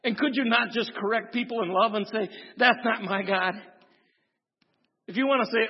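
A man's voice: sits high, moderate pace, slightly rough. A man from Wisconsin, a pastor giving a sermon, folksy and humorous, telling stories and preaching with force. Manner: folksy, humorous storytelling, preaching with rising intensity. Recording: dull lo-fi recording with long hall reverb.

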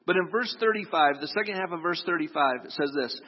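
A man's voice: on the high side, animated, fast talker. A man preaching a sermon, telling a story and acting out the voices of its people. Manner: storytelling, acts out quoted voices. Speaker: pastor. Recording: echoey hall, dull lo-fi sound.

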